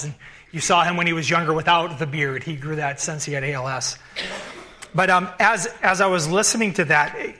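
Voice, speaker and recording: A man's voice: high voice, bright, forceful tone. A man pastor preaching a sermon in a conversational storytelling manner.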